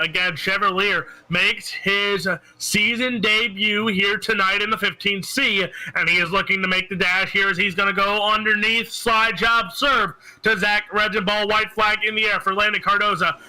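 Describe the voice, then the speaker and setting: Bright high-voiced male race commentator. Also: poor audio. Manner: joking, teasing banter. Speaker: sim racing commentator. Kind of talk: play-by-play commentary.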